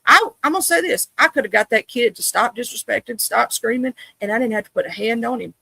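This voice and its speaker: A woman co-hosting a casual talk show, telling animated stories in which she acts out a stern mama voice. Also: fairly high pitch, fast, creaky, breathy edge, dry recording. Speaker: podcast co-host. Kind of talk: casual chat.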